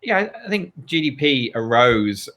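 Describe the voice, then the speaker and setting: Relaxed British man, interview guest. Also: medium pitch, moderate pace. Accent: British English. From United Kingdom. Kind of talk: casual live interview chat.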